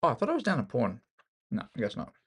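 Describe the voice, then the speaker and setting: This Australian man streams chess, talking through his moves in a husky, mid-range voice that races along with huge swings in pitch. His casual online chess commentary is jokey and self-mocking as he thinks out loud.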